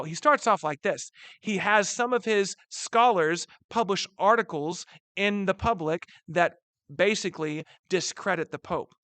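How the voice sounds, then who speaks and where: A man with a high-pitched voice gives a history lesson on a recorded lecture, keeping it lively and talkative, calling the class guys and slipping in slang. No room sound can be heard.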